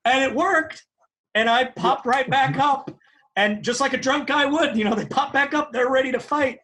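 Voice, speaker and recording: A man, a stage actor, telling a theater story in casual chat with lively reactions and laughter. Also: very high voice, moderate pace. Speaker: podcast co-host and stage actor.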